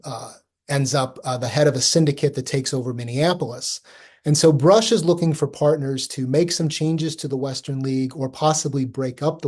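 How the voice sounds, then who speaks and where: A man's voice: mid-range voice, a little mellow. Man giving a casual history talk. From Omaha, Nebraska, US Midwest. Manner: conversational, with frequent ums and restarts. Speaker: presenter at a history society chapter meeting. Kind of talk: informal history lecture with slides.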